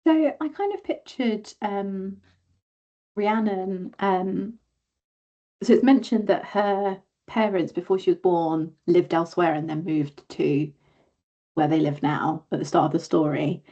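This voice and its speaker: A woman's voice: lowish voice, a little slow, mellow, highs cut off. A woman with a southern English accent, an author chatting casually as a podcast guest, rambling with many fillers and self-corrections. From southern England.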